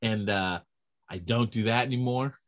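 A man's voice: fairly low pitch, normal speed. A man, a stand-up comedian, telling stories in a casual chat and acting out the people in them. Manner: animated storyteller acting out quoted voices.

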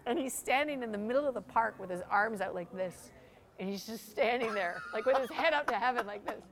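A woman pastor in casual conversation, telling a story with lively energy and acting out the voices of the people in it. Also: on the high side, fairly quick. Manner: lively, acts out quoted voices, frequent fillers. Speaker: pastor and guest speaker.

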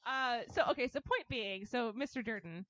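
A young adult woman hosting a casual podcast, bubbly and quick to laugh, thanking sponsors and guests. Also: fairly high pitch, sharp tone, no room sound, muffled recording. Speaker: podcast host.

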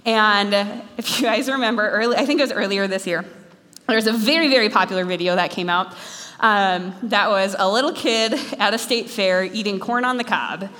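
A young woman from Minnesota giving an animated, self-deprecating talk to students. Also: medium pitch, normal speed. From Minnesota, USA. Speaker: speaker. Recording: long hall reverb.

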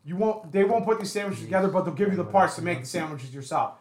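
Casual podcast co-host, a man with a high voice who runs through a list chattily. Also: expressive, quick pace, a little mellow, roomy sound. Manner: chatty, reading items off a list.

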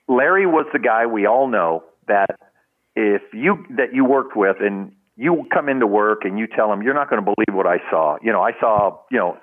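A man's voice: fairly low pitch, narrow, tinny audio. An older man, a retired baseball trainer, telling stories in a casual interview and acting out the voices of the people in them. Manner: animated storyteller acting out quotes, laughs often. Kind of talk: casual storytelling in a podcast interview.

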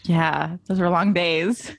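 A young woman with a somewhat low voice tells her story as an interview guest. She is animated and often acts out her own past thoughts. The sound is dry and close. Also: slow, creaky, breathy edge, no room sound. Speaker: guest, photographer. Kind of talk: casual interview chat. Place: moved to Austin.

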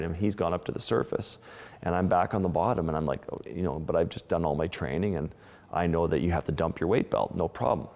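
A man's voice: deep voice, darkish tone, long reverb tail. A man, an underwater wildlife photographer, casually recounting close calls in an interview and often restarting his phrases. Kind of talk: interview storytelling.

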